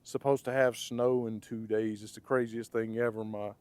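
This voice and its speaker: A man with a raspy, hoarse voice from blocked sinuses gives a casual hands-on product review. He talks conversationally and ends his points with "okay?" and "right?". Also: lowish voice, level tone, normal speed, darkish tone, no echo. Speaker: firearms reviewer.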